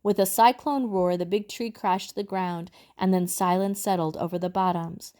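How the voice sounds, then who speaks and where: A woman reads a novel aloud in an expressive, measured storytelling voice. Her pitch sits in the middle range. She paces the story with care. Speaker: reader.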